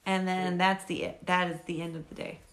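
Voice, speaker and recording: A woman in her thirties co-hosting a casual chat podcast, excitable and laughing often, swearing freely. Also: fairly low pitch, normal speed. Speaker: podcast co-host.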